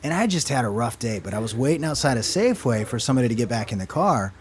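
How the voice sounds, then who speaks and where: A man's voice: medium pitch, big pitch swings, fast, a little hiss or hum. A man hosting an online talk radio show, chatting and telling a personal story in a conversational way.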